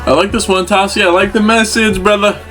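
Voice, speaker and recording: A young music reaction host chats casually while reacting to an album, rambling and speaking straight to the artist as "brother." His voice is high with a steady tone and a little fast, heard over music.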